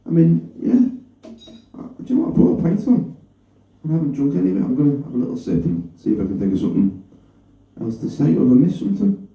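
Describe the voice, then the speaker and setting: A man's voice: on the high side, big pitch swings, fast talker, pauses often, recorded from a distance. A man from England doing a rambling, self-deprecating stand-up set in a comedy club bar, swearing freely. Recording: echoey dull room recording from off-mic.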